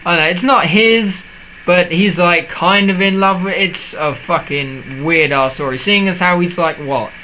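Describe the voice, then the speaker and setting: A young man with a high, bright voice, ranting to camera in a profane, sarcastic vlog. He mocks everything he retells and swears constantly. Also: moderate pace, slight background noise, low-quality recording. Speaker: vlogger. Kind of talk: ranting film rant vlog.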